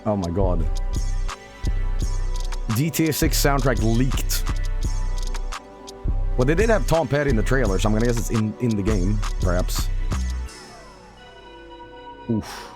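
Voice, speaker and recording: A man's voice: mid-range voice, expressive, measured pace, pauses often. A man streaming live and chatting casually with viewers, joking, swearing and sarcastic, with music playing behind him.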